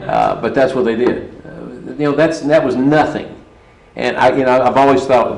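A man's voice: medium pitch, fairly even intonation, normal speed, gravelly, darkish tone, roomy sound, slight background noise, poor audio. A middle-aged man preaching a sermon in a conversational storytelling way, often restarting his sentences.

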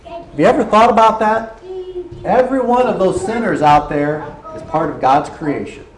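A man's voice: high voice, moderate pace. A man preaching a sermon earnestly, often checking in with his listeners, in a roomy church hall. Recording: roomy hall echo, faint noise.

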